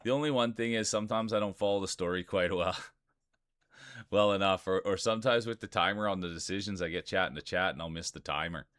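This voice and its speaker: A man's voice: deep voice, fast talker, a bit bright, no room sound, studio quality. A man streaming live, chatting casually and rambling while greeting viewers by name.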